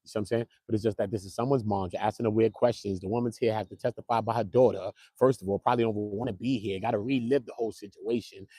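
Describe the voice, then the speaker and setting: A man hosting a casual online commentary show, animated and slangy, talking straight to his viewers. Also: on the low side, fast, hardly any pauses, breathy edge, no echo. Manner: animated, slangy, keeps calling viewers bro. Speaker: commentary channel host.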